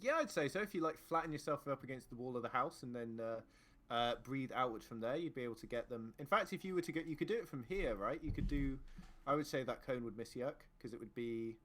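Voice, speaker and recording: A man narrating as game master in an online tabletop game, lively and laughing often as he describes the combat. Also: medium pitch, fairly quick. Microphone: online call microphone.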